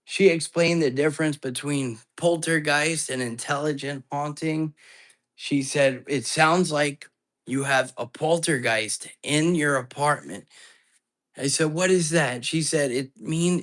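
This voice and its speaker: A man's voice: mid-range voice, fairly bright tone, rough recording. A man hosting a live ghost-hunting stream, telling a story in a casual, earnest and anxious way, with many restarts as he rambles. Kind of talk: casual storytelling retelling a phone call.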